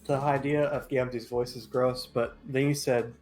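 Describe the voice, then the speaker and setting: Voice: mid-range voice, level tone, moderate pace, darkish tone, faint music behind, rough recording. A friend on a stream chatting casually, making dry, offbeat remarks. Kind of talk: casual chat.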